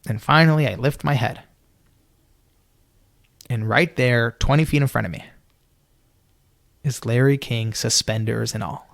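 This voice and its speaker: A young man telling a personal story in a lively, animated way, acting out his younger self and often saying "you know". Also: measured pace, creaky, pauses often, dry recording, clean studio sound. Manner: lively, acts out his own younger self in a high excited voice; peppers speech with "you know". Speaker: storyteller guest.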